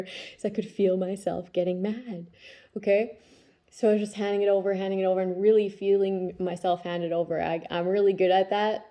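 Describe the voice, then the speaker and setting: A woman in her thirties speaks at normal speed in a mellow, medium-pitched voice with little pitch movement. She's a tarot reader doing casual spiritual vlog talk, chattily covering her day and her kids and often adding "okay?" to check in.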